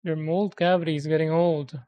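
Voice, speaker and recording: Woman just chatting, kinda rambly, stops and restarts a lot, lower voice. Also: fairly even intonation, normal speed, dull audio. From immigrant to America. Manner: rambling, hesitant, self-correcting. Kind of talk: casual chat.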